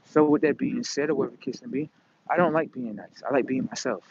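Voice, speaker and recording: A man's voice: mid-range voice, fast talker, noisy background. Emphatic, profane man, lo-fi. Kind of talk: casual monologue. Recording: dull lo-fi recording.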